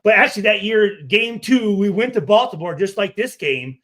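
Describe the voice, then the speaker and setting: A man telling profane, animated locker-room stories as a guest on a football chat show. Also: sits high, moderate pace. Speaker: former pro football player guest. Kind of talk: storytelling in a podcast chat.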